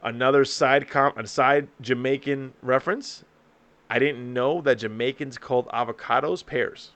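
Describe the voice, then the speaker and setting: A young man hosting a casual podcast, telling profane, animated stories to his co-hosts. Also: mid-range voice, moderate pace. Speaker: podcast host. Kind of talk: casual chat.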